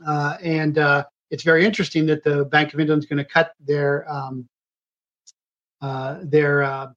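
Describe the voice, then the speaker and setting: Halting man with dull lo-fi sound. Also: on the high side, flat delivery, fairly bright tone. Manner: halting delivery full of uh and um fillers; rambling, self-correcting talk. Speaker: host of a political commentary show. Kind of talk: live political commentary monologue.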